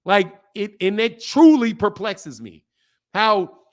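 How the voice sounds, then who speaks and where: A man's voice: high voice, expressive, takes it slowly. A man hosting a boxing channel livestream, talking bluntly in a rambling, repetitive way with plenty of slang and reading chat messages aloud. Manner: blunt, rambling, repeats himself. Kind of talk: casual livestream commentary.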